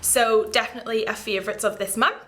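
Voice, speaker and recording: A woman's voice: a little high, fairly even intonation, quick pace, a bit bright. A woman vlogger chatting casually and enthusiastically about her favourite makeup products, with rambling asides as she demonstrates them to the camera. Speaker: beauty vlogger.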